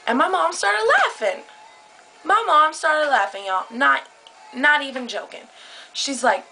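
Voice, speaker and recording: A woman's voice: high voice, lively intonation, moderate pace, creaky, sharp tone, soft background music, poor audio. A young woman telling a heated story into her camera, agitated and swearing a lot. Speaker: vlogger. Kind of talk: casual vlog storytelling. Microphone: camera close up.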